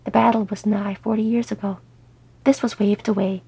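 A woman narrating a story aloud, soft and often whispery. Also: medium pitch, little pitch movement, normal speed, vocal fry, breathy edge. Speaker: audiobook reader.

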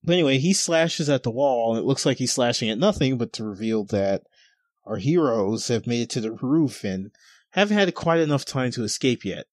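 Guy guest on a podcast, lively up-and-down voice, dry sound. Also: mid-range voice, normal speed, no echo. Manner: animated, laughs often. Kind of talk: casual chat.

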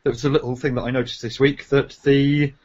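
A man's voice: mid-range voice, flat delivery, fairly quick, a little mellow, dull audio. A man hosting a casual group podcast, joking and rambling with fillers. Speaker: podcast host.

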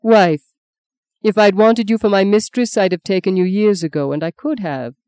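A woman's voice: mid-range voice, lively intonation, a little fast, darkish tone, dry recording, natural voice. Woman voicing an ardent, teasing male lover. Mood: earnest. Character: man in his thirties, ardent, teasing suitor.

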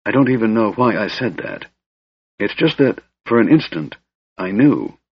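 A man's voice: fairly low pitch, big pitch swings, moderate pace, breathy edge, no room sound, voice pushed up, heavily acted. A man voicing a frail, sardonic young male mage who talks in a cold, hissing whisper, on a dull lo-fi recording. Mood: brooding. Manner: cold, brooding, bitter.

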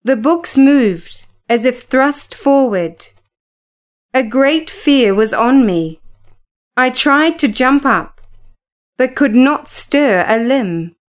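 A woman narrating a classic novel in a deliberate, dramatic reading. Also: sits high, lively intonation. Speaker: audiobook narrator.

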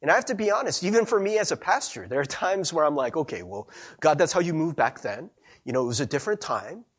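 A young pastor preaches a sermon, telling stories in a chatty, animated style and laughing often. His husky voice is fairly high in pitch, and he talks fast.

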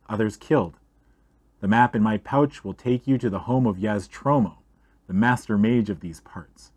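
A man's voice: medium pitch, natural voice. A man doing a delirious old dwarf warrior. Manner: frantic shouting, then a weak dying whisper.

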